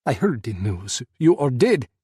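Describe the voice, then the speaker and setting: A man voicing a gruff Russian rebel commander with a rough voice, speaking formally without contractions. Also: medium pitch, big pitch swings, unhurried, dark tone, no room sound, studio quality. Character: hardened male Russian rebel leader, gruff, emotional. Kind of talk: audiobook character voice.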